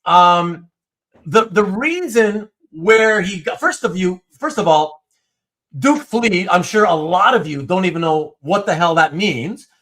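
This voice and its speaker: High, lively-voiced man hosting a stream. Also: a little slow. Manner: animated, stumbling restarts, reads viewer comments aloud. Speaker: host. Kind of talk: casual livestream chat.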